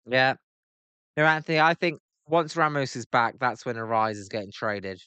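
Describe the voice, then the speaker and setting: British male streamer, casual play-by-play, smooth clear voice, dry close sound, gripes and chats with viewers. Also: mid-range voice, steady tone, normal speed, bright, forceful tone, dry recording. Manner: chatty, answers chat by name, grumbling. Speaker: live-stream host. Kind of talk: casual live play-by-play reaction.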